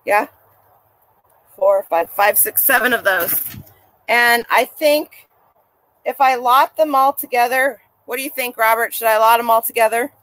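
A woman's voice: a little high, unhurried, long pauses, a bit bright, dry recording. A woman vlogging casually as a reseller, chatty and rambling as she shows her finds. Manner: chatty, rambling, talks to people and dog nearby. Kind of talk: casual chat.

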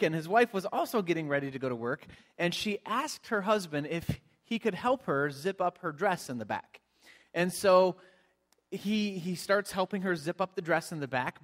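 A pastor delivers his sermon in a relaxed, storytelling manner, often restarting his phrases. His voice sits somewhat high for a man. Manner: storytelling, conversational with frequent restarts. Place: church sanctuary.

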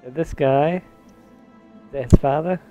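A man with a voice on the high side and a dark tone talks unhurriedly over soft background music. He's a game let's-player offering casual commentary, musing and half-distracted. Occasionally he slips into a mock posh old-English put-on.

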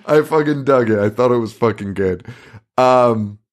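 A man's voice: medium pitch, moderate pace. A man co-hosting a horror movie podcast, recapping a film in casual chat, swearing often and acting out characters' lines. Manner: animated, swears a lot, acts out characters' lines. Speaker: podcast co-host.

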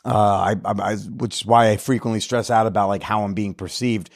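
A man's voice: on the low side, fairly even intonation, brisk, no echo, clean studio sound. A man hosting a podcast, telling a story in a candid, self-reflective way and swearing casually. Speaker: podcast host.

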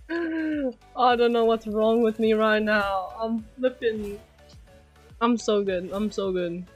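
A woman streamer giving excitable live commentary on her gameplay, shrieking and laughing at each moment. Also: a little high, takes it slowly, pauses often, faint music behind.

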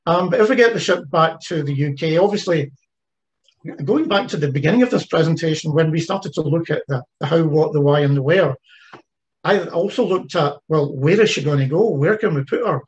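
A man's voice: on the high side, fairly quick, muffled recording. A man giving an online presentation about a heritage ship project, talking conversationally with frequent fillers and restarts. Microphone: video call.

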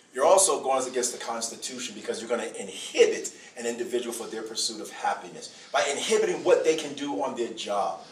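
A middle-aged man, a bishop, giving a speech to an audience in a preaching style. He stresses his points, repeats phrases and uses slow dramatic pauses. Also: mid-range voice, a little hiss or hum. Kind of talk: preaching-style public address. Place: event hall before an audience. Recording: echoey hall from far off.

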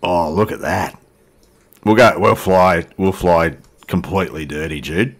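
A man's voice: low voice, a little slow. A middle-aged man giving casual, jokey, rambling commentary as he plays a flight simulator. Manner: rambling, jokey and irreverent, talks to passengers and viewers. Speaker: flight sim video host.

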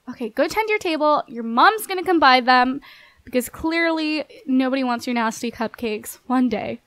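A woman's voice: high voice, expressive, normal speed, fairly bright tone, dry recording. A woman giving chatty, bubbly commentary on her life-sim game, laughing often and talking to the characters on screen. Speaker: gameplay commentator.

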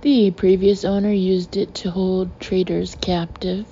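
A woman's voice: on the low side, level tone, unhurried, warm tone, highs cut off, slight background noise. A woman voicing a scheming, sneering male villain in a storybook reading. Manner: sneering, mocking.

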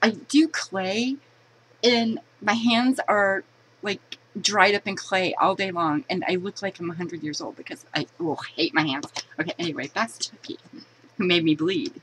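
A woman's voice: lowish voice, moderate pace, a bit bright, a little hiss or hum, poor audio. A woman chatting casually while unboxing a collectible, giggling and poking fun at herself. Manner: chatty, giggly, self-mocking.

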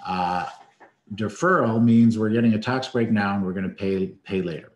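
A low-pitched man explains taxes plainly on a webinar, checking in often to make sure he is understood. His voice sounds echoey, as if he is talking in a bare room. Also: moderate pace. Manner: plain-spoken, checks understanding with repeated "okay". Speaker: accountant co-host. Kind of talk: explaining tax in a live webinar.

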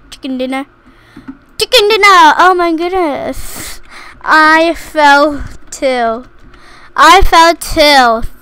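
A very high, bright female voice that giggles and sing-songs through playful commentary on her game, drawling out mock threats at other players. She talks slowly, leaning into each taunt. A faint hiss sits under the recording. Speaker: gaming YouTuber.

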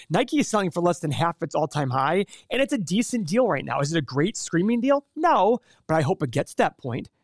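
A man's voice: fairly high pitch, dry recording, clean studio sound. A middle-aged man hosting an investing show, talking casually and emphatically, with rhetorical questions and acted-out quotes. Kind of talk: casual explanatory talk to camera.

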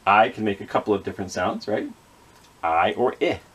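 A children's librarian with a husky, lowish, expressive voice runs a puppet reading skit for kids at a moderate pace. He patiently sounds out letters and words and sounds gently apologetic toward the puppets.

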